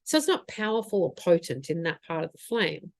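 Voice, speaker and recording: A woman mentor giving an earnest, expressive motivational talk on spiritual practice for business, thinking aloud with fillers. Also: lowish voice, a little fast, dry recording, clean studio sound.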